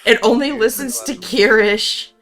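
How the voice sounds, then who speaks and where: A woman narrating a tabletop game as game master, describing scenes calmly. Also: on the high side, a little slow, soft background music.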